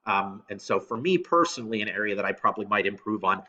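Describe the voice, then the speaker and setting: A man's voice: fairly low pitch, lively intonation, quick pace, sharp tone, dull audio. A man teaching in a casual screen-recorded lesson, talking loosely with many ums and restarts.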